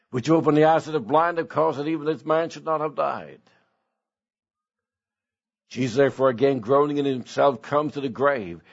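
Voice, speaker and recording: An older male pastor preaching a sermon slowly and emotionally, dropping to soft tones for stress. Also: fairly high pitch, gravelly, husky. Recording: dull lo-fi recording.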